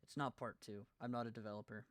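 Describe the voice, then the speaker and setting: Nervous, excited young man live-streaming. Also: mid-range voice, no room sound. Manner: nervous and excited, halting with many restarts. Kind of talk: casual live stream chat.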